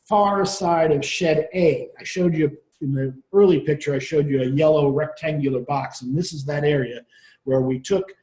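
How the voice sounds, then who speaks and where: A man delivers a conference presentation in a loose, conversational way, often restarting his sentences. His voice sits a little high yet sounds mellow. The room around him is echoey. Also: normal speed. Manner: conversational, with frequent restarts and fillers. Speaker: marine surveyor speaking at a workshop.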